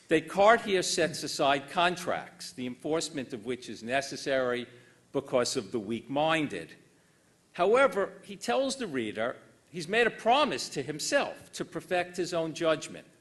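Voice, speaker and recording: Older man giving a lively academic lecture. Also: a little high. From United States. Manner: dry wit, measured emphasis. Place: lecture hall.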